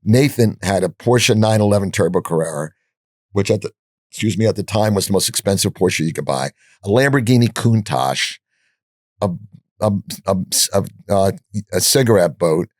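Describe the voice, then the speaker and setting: An older man with a fairly low voice tells his stories bluntly, swearing freely and putting on the voices of the people he quotes. The sound is dry and close, with no room around it. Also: normal speed, no room sound. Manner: animated storyteller, acts out quoted dialogue; profane, blunt. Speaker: podcast guest. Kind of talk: storytelling in an interview.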